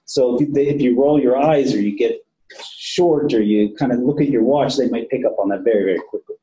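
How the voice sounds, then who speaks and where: A man's voice: mid-range voice, fairly quick, dark tone, roomy sound, poor audio. A man who works with patients, giving a casual training talk to police officers and often repeating himself. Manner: conversational, repeats words, casual swearing. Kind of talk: training lecture.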